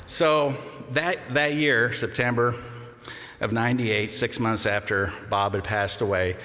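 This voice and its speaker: An older man giving a memorial eulogy, telling fond anecdotes with gentle humor. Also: lowish voice. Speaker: eulogy speaker. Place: large congregation hall. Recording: long reverb of a large hall.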